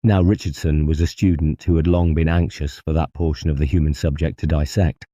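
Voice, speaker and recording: A man narrating a classic horror story in a slow, grave, deliberate way. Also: rumbling low, fairly even intonation, mellow, no echo, lo-fi sound. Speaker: audiobook narrator.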